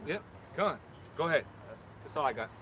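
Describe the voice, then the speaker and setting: A man's voice: on the high side, animated, a little fast, noisy background. A man preaching emphatic warnings outdoors at a street camp. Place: outdoors on a city street with traffic.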